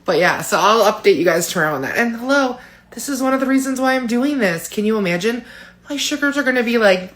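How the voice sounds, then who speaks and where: Talking straight to the camera in her personal vlog, a woman in her forties is open and emotional, sometimes on the verge of tears, dotting her speech with fillers and little laughs. She talks fast, with a fairly high, bright voice and lively intonation.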